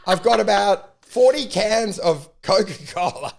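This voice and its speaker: An Australian man spins a profane, rambling comic anecdote on a podcast. His voice sits high for a man, with a gravelly, fry-laden edge running under the swearing. He rants with animated, punchy energy. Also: a little slow. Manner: profane, animated, rant-like storytelling. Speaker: comedian podcast host. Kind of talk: casual comedic storytelling.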